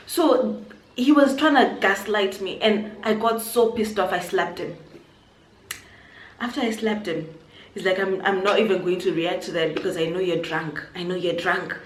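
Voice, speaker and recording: A young Zimbabwean YouTuber tells a personal story on her vlog in a mid-range voice at normal speed. She's animated and acts out what people said, recorded in an echoey room with faint noise.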